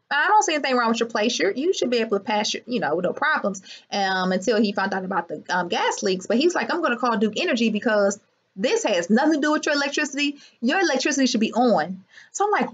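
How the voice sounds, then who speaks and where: A woman vents in a casual vlog recorded inside her clinic. She sounds indignant and animated, slipping into the voices of the people she quotes, her voice sitting a little high. The recording is dull and lo-fi, as if the highs were cut off. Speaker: business owner and healer. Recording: muffled lo-fi sound.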